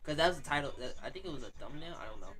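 A young male streamer giving casual, jokey reaction commentary, excitable and rambling with lots of slang. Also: a little high, racing.

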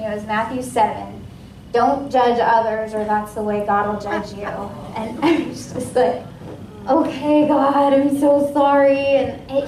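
A woman from Washington State sharing a personal testimony at a ministry meeting, in a casual, lively way with many fillers. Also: a little high, recorded from a distance, a little hiss or hum. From Washington State, USA. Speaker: guest speaker at a ministry. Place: ministry meeting room with a live audience. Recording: echoey room, voice from off-mic.

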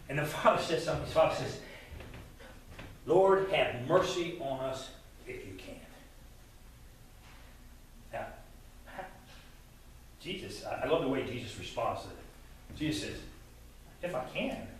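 An earnest pastor preaches in a church sanctuary, hammering points home by repeating words. His voice is high-pitched and a bit bright, caught by a distant mic in a very echoey hall with slight background noise.

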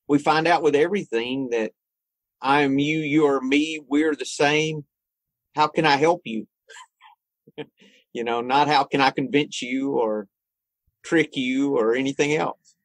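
A man hosting a casual online group discussion, relaxed and conversational, laughing easily. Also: medium pitch, dry recording. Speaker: host.

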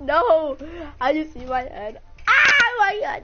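A high, wildly swooping woman's voice trash-talks her way through an online match, boisterous and full of laughter. She speaks into a gaming headset. The stream sounds muffled and lo-fi, under loud hiss. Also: sing-song, takes it slowly. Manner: teasing, boisterous, laughs a lot. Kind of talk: casual trash-talking game chat.

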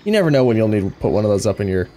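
A man giving excitable let's play commentary, thinking aloud and gasping at each new find. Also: fairly low pitch, rapid-fire. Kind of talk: gameplay commentary.

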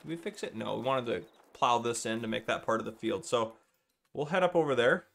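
A man's voice: mid-range voice, lively intonation, fairly quick, vocal fry, fairly bright tone. A man hosting a live farming-game stream, chatting with viewers by name and breaking into helpless laughter. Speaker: livestream gameplay host.

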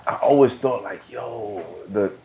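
A man's voice: on the low side, measured pace, dark tone. A man hosting a podcast, asking questions in a loose, conversational way full of fillers. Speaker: podcast host. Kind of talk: casual interview chat.

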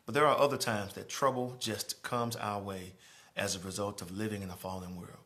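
A man preaching a sermon as pastor in a church, moving from quiet, conversational speaking to raised, emphatic preaching. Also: lowish voice, fairly even intonation, brisk. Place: church sanctuary.

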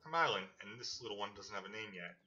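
A man's voice: on the low side, lively intonation, fast talker, bright, forceful tone. A man voicing a friendly young woman villager who gushes with enthusiasm. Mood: bubbly gushing. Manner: gushing, enthusiastic. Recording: slightly muffled with game music.

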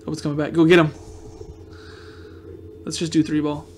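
A man giving casual let's-play commentary on a video game, reacting excitably with loud outbursts of frustration. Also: on the high side, normal speed, slight background noise. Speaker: gameplay commentator.

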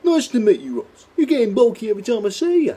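A man putting on a high, loud, hearty voice as a male college welding teacher. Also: huge pitch swings, quick pace, breathy edge, full character voice.

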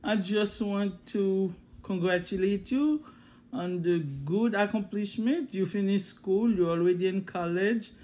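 Brief: older woman, grandmother, slow deliberate speech, recorded congratulations. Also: medium pitch, warm tone.

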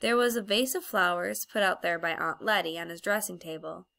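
A woman reading a children's story aloud as a storybook narrator, in an even, clear storytelling manner. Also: on the low side, a little fast. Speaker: audiobook reader.

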